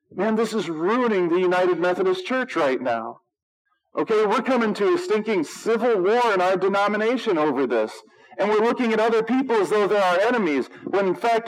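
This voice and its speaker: Pastor guy preaching, high voice, joking sarcastic asides, sounds like a radio broadcast. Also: low-quality recording. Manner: conversational, wry and sarcastic, acts out quoted voices. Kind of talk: sermon.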